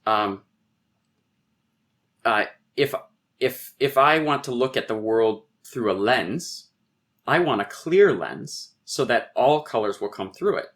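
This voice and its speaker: A middle-aged poet being interviewed on a podcast, explaining in a professorial way and thinking aloud with frequent restarts. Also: male voice, fairly low pitch, a bit bright. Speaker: poet and guest.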